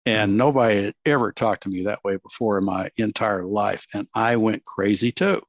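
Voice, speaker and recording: A man in his seventies with a Texan accent, telling animated stories as an interview guest and acting out quotes. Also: lowish voice, moderate pace, no echo. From Texas, USA. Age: 70s. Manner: animated, acts out quotes, laughs often. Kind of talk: reflective storytelling. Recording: dull, dry audio.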